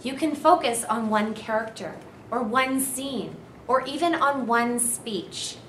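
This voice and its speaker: A woman university English lecturer giving a clear, emphatic seminar talk on essay writing. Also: a little high, slow, a bit bright. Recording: echoey room, faint noise.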